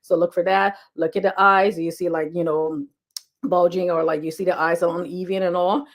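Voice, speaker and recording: A woman health educator talking fast and casually to camera, repeating key points with lots of fillers. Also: fairly low pitch, flat delivery. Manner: talks fast.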